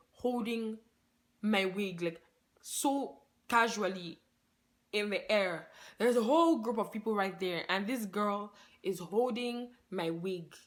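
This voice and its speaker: A woman tells a story to her camera in a loose, excitable way. She fills nearly every phrase with "like" and laughs as she goes. Her voice sits at a middle pitch. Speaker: vlogger. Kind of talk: casual storytime vlog.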